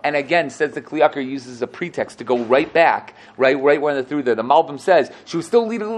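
A man teaching a lively Torah class, acting out quotes and asking "right?" often. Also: on the high side, fairly quick, hardly any pauses. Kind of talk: animated classroom Torah lesson.

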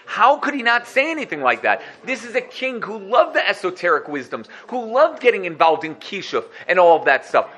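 A high-pitched rabbi teaches a lesson on a religious text, moving from one commentary to the next and bringing the quotes to life with animated, acted-out delivery.

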